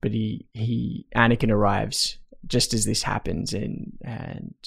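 A man in a casual podcast chat, retelling a film plot in steady detail. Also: lowish voice, a little slow, vocal fry, breathy edge. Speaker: podcast co-host.

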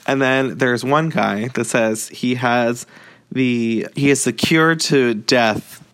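A man's voice: mid-range voice, slow, fairly bright tone. A man talking casually about a book he is reading, rambling with lots of fillers and short laughs. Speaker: book reviewer.

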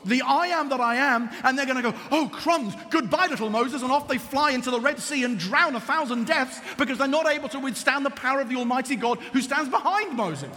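A man preaching a sermon as an animated, emphatic storyteller. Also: extremely high pitch, fast, few pauses, long reverb tail, a little hiss or hum.

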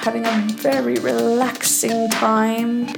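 A woman's voice: a little high, level tone, slow pace, vocal fry, loud music behind the voice. A woman from Iceland, a sexologist chatting casually with laughs and fillers, recorded on a phone headset in her bathtub. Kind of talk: casual storytelling monologue.

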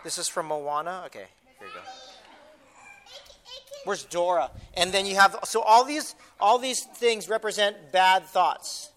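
Bright-voiced pastor teaching children. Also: male voice, sits high, measured pace. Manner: informal, repeats and restarts words while talking to children. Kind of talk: children's lesson in a church service. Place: church sanctuary.

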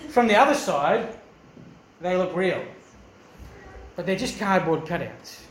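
A man's voice: sits high, expressive, a little slow, reverberant, a little hiss or hum. A man preaching a sermon as pastor, earnest and emphatic, often asking the congregation questions. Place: church.

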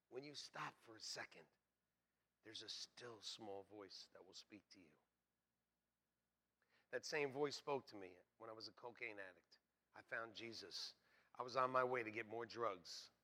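A man preaching a sermon as pastor, swinging between hushed, quiet passages and loud, shouted exclamations. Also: medium pitch.

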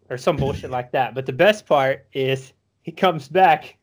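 A man hosts a loose podcast conversation, cursing often and laughing easily. His voice sits in a middle pitch and he rambles from story to story. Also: normal speed. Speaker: podcast host. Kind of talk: casual podcast chat.

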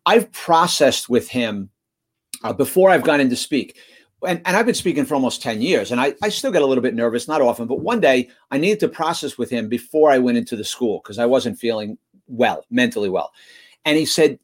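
A man's voice: mid-range voice, expressive, a little fast. A man who speaks at schools, telling a story in an interview, earnest and often restarting his words. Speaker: guest, motivational school speaker. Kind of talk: storytelling in conversation.

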